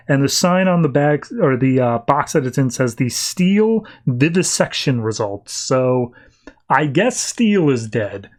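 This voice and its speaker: A man's voice: fairly high pitch, a little mellow. Chatty man recapping comics casually. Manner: loose and chatty, frequent "like". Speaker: podcast host.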